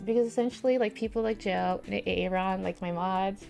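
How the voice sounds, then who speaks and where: A young woman streams and chats loosely, her voice carrying a gravelly fry. She rambles through fillers and restarts while greeting her chat, near tears at times. Faint music plays behind her. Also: mid-range voice, steady tone, normal speed, hardly any pauses, warm tone. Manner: rambling, filler-heavy, reads chat aloud. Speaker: livestreamer. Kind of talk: casual chat.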